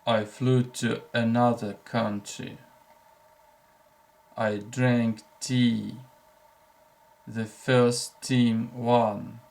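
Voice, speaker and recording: Low monotone guy, russian native, reading english practice sentences super slow and careful. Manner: slow, deliberate, clearly separated short sentences. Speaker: English teacher. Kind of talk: reading example sentences for learners.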